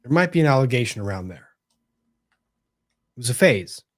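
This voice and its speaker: A man's voice: mid-range voice, sing-song, fairly quick. A man hosting a casual online legal panel chat over a video call, wry and joking. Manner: wry, joking, talks to his dog in a soft voice. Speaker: show host.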